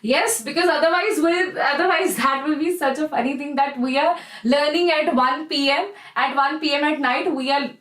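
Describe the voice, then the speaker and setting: A woman's voice: high voice, normal speed, few pauses, a bit bright, reverberant, low-quality recording. A young woman with an Indian English accent, teaching a live online chemistry class in a chatty, encouraging way. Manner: chatty and encouraging, addresses students as "bacha".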